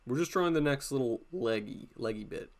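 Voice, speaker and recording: A man's voice: medium pitch, lively intonation, brisk. A man hosting a drawing live stream, talking casually and playfully as he draws, often laughing.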